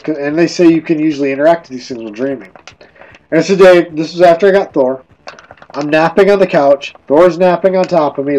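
A man's voice: on the high side, a little mellow, rough recording. Tipsy man rambling through a ghost story. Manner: rambling, with many restarts and "like". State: drunk. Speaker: streamer. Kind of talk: casual ghost storytelling while gaming.

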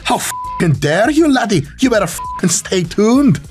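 A man's voice: high voice, very animated, measured pace, faint music behind, voice pushed up. A man putting on a brash cocky Irish fighter. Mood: boastful. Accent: mock Irish. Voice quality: swaggering, swearing, taunting.

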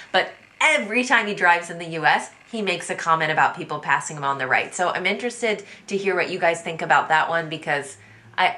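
A woman in her thirties from the USA, talking to camera in an energetic, chatty way about culture shocks. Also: lowish voice. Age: 30s. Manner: energetic, chatty, quotes people in animated voices. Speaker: vlogger. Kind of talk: casual talk to camera.

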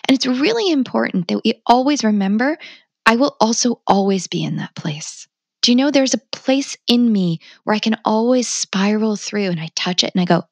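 A woman's voice: mid-range voice, dry recording. A middle-aged woman guest on a podcast, talking candidly and passionately about parenting, blunt and swearing freely. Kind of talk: candid conversational interview.

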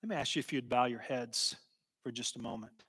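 A man preaching a sermon and telling a story, slow and emphatic, sometimes dropping to a hush. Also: mid-range voice, husky. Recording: long hall reverb.

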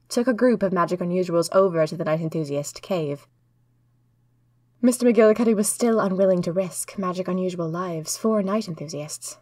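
A woman narrating a first-person diary adventure with earnest, lively delivery. Her voice sits at a middle pitch for a woman. She is recorded close and dry, with no room sound. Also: dry recording. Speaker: storyteller.

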